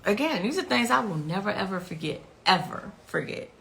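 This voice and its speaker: Grieving mother giving interview testimony; gravelly, frantic retelling. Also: medium pitch, sing-song, a little fast, fairly bright tone, a little hiss or hum. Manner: recounts events with rising, frantic intensity.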